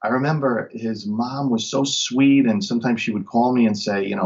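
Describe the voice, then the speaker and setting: A man's voice: mid-range voice, moderate pace, hardly any pauses, darkish tone, muffled recording. A man from Long Island, a magician, chatting enthusiastically as an interview guest. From Long Island, New York. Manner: enthusiastic, upbeat storyteller. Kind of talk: casual interview chat.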